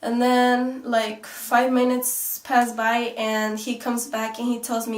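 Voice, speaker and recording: A woman's voice: on the high side, completely flat delivery, slow pace, hardly any pauses, far from the mic. A young woman vlogger telling a story in a rambling way, full of fillers and swearing. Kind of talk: casual storytelling. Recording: echoey room, off-mic.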